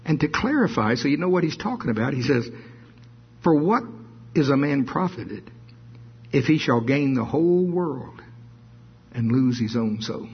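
A man preaching a sermon, reading scripture slowly and adding playful asides. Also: mid-range voice, breathy edge. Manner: reads scripture slowly, adds asides with laughs. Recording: dull lo-fi sermon recording.

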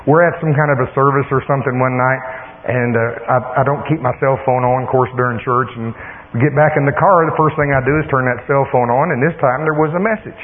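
A man's voice: mid-range voice, fairly even intonation, fast talker. Male preacher, plain-spoken and emphatic; thin tape sound, roomy church echo. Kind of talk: sermon with storytelling. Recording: tinny lo-fi tape in echoey hall.

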